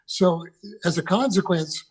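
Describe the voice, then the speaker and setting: A man's voice: high-pitched, a little slow, breathy edge. An older man, a guest on a video call interview, reminiscing about recording sessions with loose restarts. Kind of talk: conversational interview.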